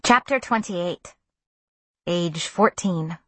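A woman reads a first-person novel aloud in a soft, gentle way. Her voice is breathy and her pace is slow and unhurried. The recording is close and dry. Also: medium pitch, expressive, no echo. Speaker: audiobook narrator. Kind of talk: first-person audiobook narration.

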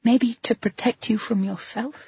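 A woman voicing a gentle, worried woman friend who speaks quietly and pleadingly in an audiobook. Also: fairly high pitch, fairly even intonation, moderate pace, vocal fry, breathy edge, no echo, dull audio, exaggerated voice. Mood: quietly probing. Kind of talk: audiobook character voice.

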